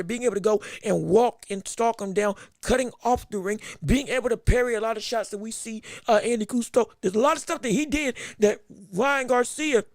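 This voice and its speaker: Excitable man hosting a boxing stream. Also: very high voice, no echo, clean studio sound. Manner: excitable, repeats words when flustered. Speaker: boxing podcast host. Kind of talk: casual live-stream commentary.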